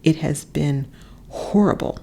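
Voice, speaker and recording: Earnest woman coach, husky low voice. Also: takes it slowly, mellow. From Texas. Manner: earnest, emphatic repetitions, drops to a whisper at times. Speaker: podcast host and coach. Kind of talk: reflective motivational monologue. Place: a friend's house, not her usual space. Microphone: different setup than usual.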